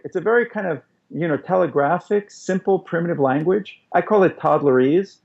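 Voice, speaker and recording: A man's voice: fairly high pitch, moderate pace, hardly any pauses. A man, a guest parenting expert, explaining in an interview and acting out little examples. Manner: animated, demonstrates with acted voices. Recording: dull lo-fi recording.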